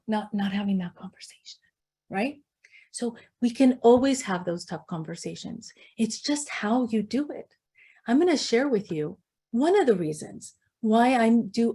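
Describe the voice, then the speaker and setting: A middle-aged woman leading a leadership workshop, questioning her audience and telling stories in an animated way. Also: a little high, moderate pace, slightly rough. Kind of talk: interactive talk to an audience.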